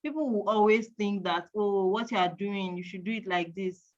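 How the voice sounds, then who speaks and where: A woman's voice: mid-range voice, normal speed. A woman, hosting an online parenting event in a playful, chatty way, counting aloud and teasing the audience. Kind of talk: lively live-stream quiz hosting. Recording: dull lo-fi online stream audio.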